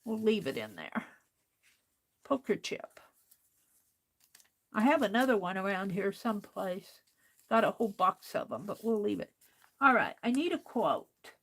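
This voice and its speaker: A woman's voice: medium pitch, sing-song, a little slow, pauses often. A woman hosting a crafting livestream, chatting casually, thinking aloud and talking to her viewers. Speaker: livestream host.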